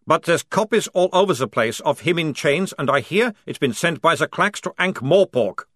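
A man voicing a relaxed, cocky enemy sergeant who talks in a sarcastic, mocking drawl. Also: fairly high pitch, normal speed, no echo, clean studio sound, voice pushed up.

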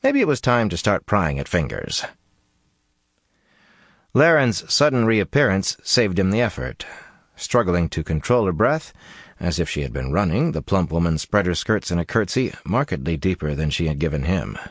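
Deep-voiced male audiobook narrator. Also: sing-song, moderate pace, dry recording, studio quality. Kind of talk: scripted narration.

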